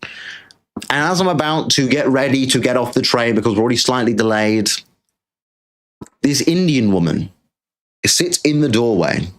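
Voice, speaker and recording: A man from Britain with a medium-pitched, animated voice speaks at normal speed, leaving long pauses. Hosting his own show, he rants in a casual monologue, bluntly swearing a lot and repeating phrases.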